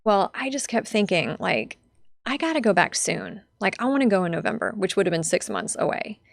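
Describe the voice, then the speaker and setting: A woman's voice: medium pitch, expressive, a little fast, gravelly, no echo, clean studio sound. A young adult woman telling a personal story as a podcast guest, heartfelt and chatty with lots of fillers.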